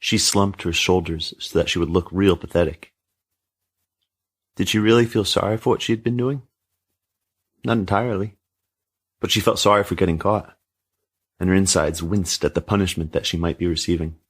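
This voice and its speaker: Man, narrator, storybook reading, measured, deep, husky. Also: fairly even intonation.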